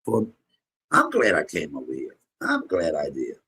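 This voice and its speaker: A man in his fifties talks in a low, deep register with a husky, raspy texture. He chats casually on a livestream, rambling through emotional stories that break into sudden loud bursts. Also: huge pitch swings, normal speed. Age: 50s. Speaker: comedian streamer. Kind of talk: casual livestream chat and storytelling.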